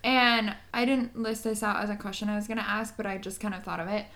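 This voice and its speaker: A woman's voice: mid-range voice, fairly even intonation, a bit bright. A woman hosting a podcast, asking questions in a friendly, curious, casual way. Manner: friendly, curious, quick to laugh. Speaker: podcast host. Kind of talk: casual interview chat.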